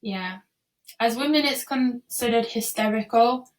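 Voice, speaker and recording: A woman's voice: on the high side, a little slow, distant mic. A woman who is a podcast guest, speaking in an earnest, reflective way in a casual interview.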